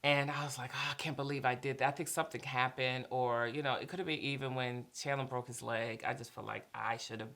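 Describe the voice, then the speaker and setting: A woman's voice: a bass voice, fast, few pauses. A middle-aged woman co-hosting a candid faith talk, telling stories and acting out dialogue with God. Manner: animated storyteller, acts out dialogue with God. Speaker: podcast co-host, mother.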